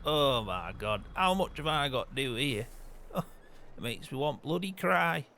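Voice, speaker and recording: A man's voice: mid-range voice, lively intonation, measured pace, creaky, bright, forceful tone, a little hiss or hum, full character voice. A man playing a grumpy farmer in a game role-play, grumbling and swearing constantly. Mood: complaining. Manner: grumbling, peppers every line with swearing.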